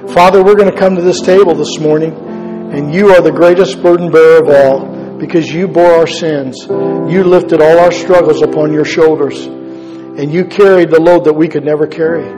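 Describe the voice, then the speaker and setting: A man's voice: on the high side, fairly even intonation, normal speed, big-room sound, music in the background, poor audio. A male pastor preaching an earnest, conversational sermon, repeating key phrases for emphasis. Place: church sanctuary.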